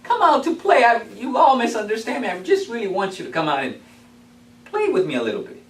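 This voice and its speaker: A man's voice: very high voice, wildly swooping pitch, brisk, fairly bright tone, voice pushed up, full character voice. A man voicing a huge pushy male wolf who coaxes and threatens, heard from far off in an echoey room. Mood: coaxing. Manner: wheedling, then blustering threats.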